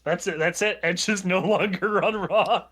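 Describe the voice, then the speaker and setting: A man's voice: high voice, fairly bright tone. A man co-hosting a podcast who mostly chimes in with dry one-liners and groans. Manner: slow, dry interjections and groans. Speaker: podcast co-host. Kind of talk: casual chat.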